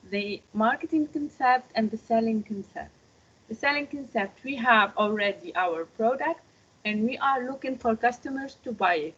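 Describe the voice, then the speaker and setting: A woman with a raised, breathy voice lectures students over a video call. She speaks patiently and checks in often. The audio is muffled and lo-fi. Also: on the high side. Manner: patient, explanatory, checks in with "okay?". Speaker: marketing teacher. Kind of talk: online lecture.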